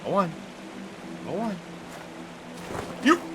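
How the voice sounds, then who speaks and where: A man's voice: sits high, wildly swooping pitch, slow pace, background noise. A man streaming a game live, joking, swearing and muttering to himself as he plays. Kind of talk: live gameplay commentary.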